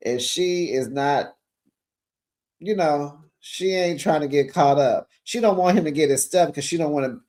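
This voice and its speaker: A man with a fairly high voice runs through a reality show recap in gossip mode. He is sassy and chatty, sprinkling in honey and child as he talks to his viewers like friends. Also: darkish tone. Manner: sassy, chatty, addresses viewers as besties and y'all; calls listeners honey and child.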